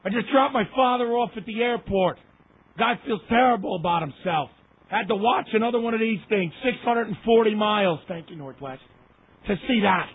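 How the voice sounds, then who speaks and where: Impassioned high-voiced man on a phone line. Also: moderate pace, breathy edge. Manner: heated, emphatic, repeats himself for effect. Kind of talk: impassioned sports rant.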